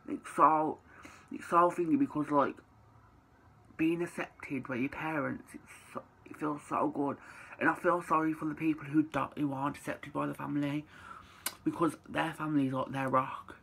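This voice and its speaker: A man's voice: medium pitch, steady tone, normal speed, creaky, fairly bright tone, slight background noise, low-quality recording. A young man, telling a personal story to camera in a chatty way, with lots of "like" and casual swearing. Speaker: vlogger.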